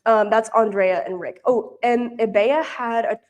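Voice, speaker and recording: A woman's voice: a little high, steady tone, unhurried, lo-fi sound. Young woman, from Louisiana, chatty, rambling, casual storytelling, church meeting. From Louisiana, US South. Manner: chatty and rambling, many fillers and restarts. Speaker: mission intern giving a report. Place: church prayer meeting, showing pictures.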